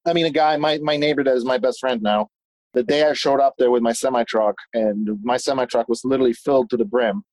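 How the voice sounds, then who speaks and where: A man telling stories as a guest in a casual conversation, animated and talkative, often restarting his sentences. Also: medium pitch, fast talker, no room sound, poor audio. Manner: swears casually. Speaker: guest, business owner.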